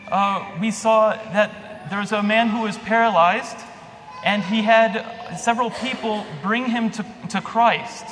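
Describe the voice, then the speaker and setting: A man's voice: high voice, fairly bright tone. A man giving a sermon as a priest, telling a story in a conversational way with restarts and fillers. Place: church. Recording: long reverb, faint hum.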